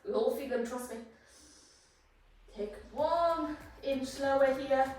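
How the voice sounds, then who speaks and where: A woman's voice: sits high, takes it slowly, a little mellow. A woman yoga instructor, slightly out of breath, encouragingly cueing breaths and poses through a flow. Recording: very echoey room, voice far from mic, music behind.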